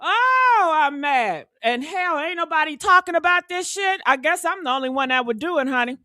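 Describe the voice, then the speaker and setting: A woman's voice: high-pitched, a little fast, bright, forceful tone, dry recording, studio quality. Fired-up sassy woman ranting on a live stream. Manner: fired-up, sassy, calls viewers honey and baby.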